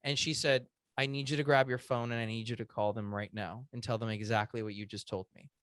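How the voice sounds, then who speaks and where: A man in his thirties, a podcast guest, earnestly telling an emotional personal story, halting often with "um" and restarts. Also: mid-range voice, steady tone, fairly bright tone, dry recording.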